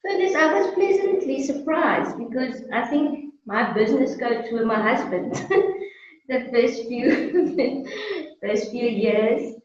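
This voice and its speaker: Slow South African woman, echoey and distant. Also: on the high side, expressive, a little mellow, a little hiss or hum. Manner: slow, friendly, laughs often. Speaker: guest business owner. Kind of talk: casual interview chat. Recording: echoey, distant, muffled sound.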